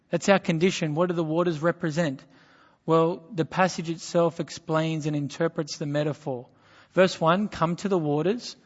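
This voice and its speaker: A male preacher delivers a sermon with a fairly high voice, building to loud peaks and falling to quiet asides. The sound is a bit dull and carries a long reverb, as in a church. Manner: emphatic preaching, rising to loud climaxes and dropping to hushed lines.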